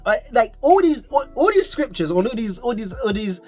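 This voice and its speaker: A young man with a London accent frankly telling his own life story to camera, animated and rising in pitch when exasperated. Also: moderate pace. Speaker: vlogger sharing his story. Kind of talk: candid personal talk to camera.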